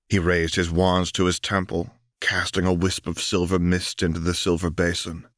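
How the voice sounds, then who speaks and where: A man narrating an audiobook in a calm, measured way. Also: low-pitched, no room sound, clean studio sound.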